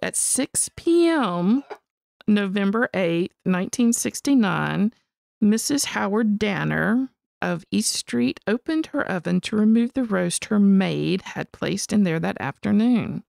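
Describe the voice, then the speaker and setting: A woman co-hosting a podcast, telling a story in an animated, casual way and swearing freely. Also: mid-range voice, measured pace, gravelly, no echo, studio quality. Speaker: podcast co-host.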